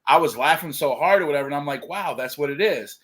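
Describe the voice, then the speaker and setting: A man's voice: on the high side, expressive, fast talker, fairly bright tone. Casual male co-host, rambling, filler-heavy talk. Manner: rambling, filler-heavy, says "like" and "dude" often. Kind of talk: casual livestream chat.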